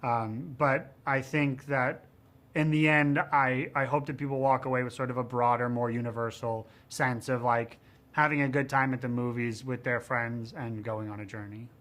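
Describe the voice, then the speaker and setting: A man in his thirties, a film director giving a promotional interview, rambling with many fillers and growing animated as he tells stories from the set. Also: medium pitch, moderate pace. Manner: rambling, frequent "you know what I mean" and "um"; gets animated and louder telling set stories.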